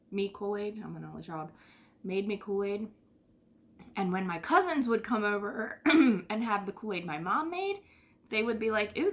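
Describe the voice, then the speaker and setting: A woman's voice: mid-range voice, sharp tone. A middle-aged woman from the United States hosting her knitting podcast in a rambling, casual chat full of fillers and sighs. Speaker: podcast host.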